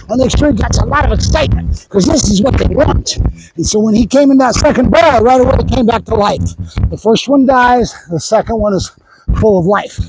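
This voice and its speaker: High-voiced dog trainer explaining outdoors. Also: male voice, lively intonation, brisk, background noise. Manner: praises dog in high sing-song bursts, explains plainly. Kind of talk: casual training demonstration.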